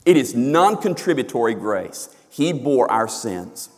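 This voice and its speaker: A man's voice: medium pitch, big pitch swings, a little slow. Man preaching in a reverberant hall. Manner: dramatic swings from hushed to emphatic. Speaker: pastor. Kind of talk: sermon. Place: church sanctuary. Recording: long reverb of a church hall.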